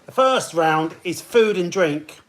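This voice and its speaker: A man's voice: high-pitched, lively intonation, slow, fairly bright tone. A man hosting a live online pub quiz, chatting and greeting players by name as he reads questions. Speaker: quiz host.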